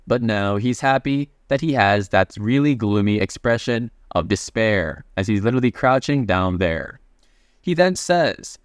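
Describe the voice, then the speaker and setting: A man's voice: medium pitch, no room sound, studio quality. A man narrating a comic recap in a casual, chatty way, reading the characters' lines in his own voice. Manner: reads character quotes in his plain voice, chatty asides.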